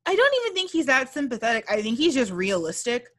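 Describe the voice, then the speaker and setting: A woman's voice: a little high, fast talker. A young woman co-hosting a casual podcast chat about a book, swearing freely and acting out lines in other voices. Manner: animated, profane, acts out voices of characters. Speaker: podcast co-host.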